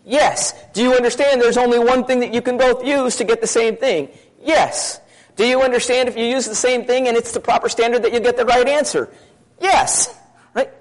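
Man, high voice, sermon, fast conversational delivery, rhetorical questions. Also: fairly even intonation, rough recording. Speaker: preacher. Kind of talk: sermon to a congregation.

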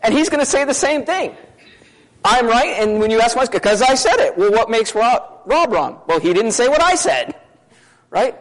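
Guy preaching a sermon, high voice, quick and chatty, lots of questions to the room. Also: expressive, low-quality recording. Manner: fast, questioning, conversational preaching. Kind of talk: sermon to a congregation.

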